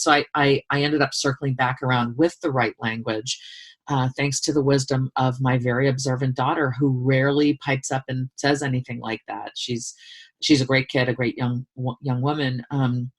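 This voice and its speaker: A woman's voice: a bass voice, steady tone, moderate pace. A middle-aged woman being interviewed as a guest author, speaking earnestly and with feeling, telling a personal story. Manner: earnest, emotional, heartfelt storytelling. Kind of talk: candid conversational interview.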